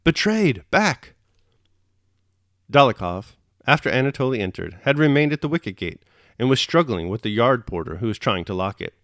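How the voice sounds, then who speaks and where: A man reading a classic novel aloud chapter by chapter, steady and measured, then reflecting on it. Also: mid-range voice, no echo, studio quality. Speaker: audiobook reader and host.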